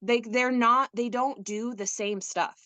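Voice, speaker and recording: A young woman co-hosting a podcast, chatting casually in an animated, rambling way with frequent laughs and fillers. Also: on the high side, unhurried, no room sound. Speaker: podcast co-host. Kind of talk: casual chat.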